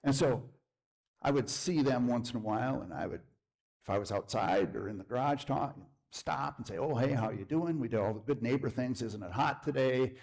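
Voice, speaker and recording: A middle-aged man, preaching as a guest speaker and telling a personal story that swings from lively to hushed. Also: mid-range voice, normal speed, gravelly. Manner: storytelling with lively shifts, drops to a hush. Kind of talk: sermon testimony. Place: church.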